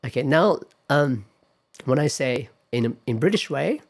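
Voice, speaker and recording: A man at a mid-range pitch delivers a classroom lecture on pronunciation. He keeps a measured pace, checking in with "okay" and "all right". He demonstrates sample words aloud as he teaches. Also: expressive, gravelly.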